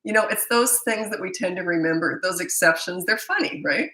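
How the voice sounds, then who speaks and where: A woman's voice: on the low side, fairly quick, bright, forceful tone, roomy sound, poor audio. Blunt, chatty woman parenting coach. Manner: chatty and blunt, with stammered restarts. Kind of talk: live Q&A answering viewer comments.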